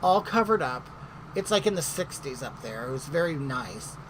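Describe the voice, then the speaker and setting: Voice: mid-range voice, very animated, moderate pace, noisy background. A middle-aged vlogger telling a story in casual chat, gossipy and indignant.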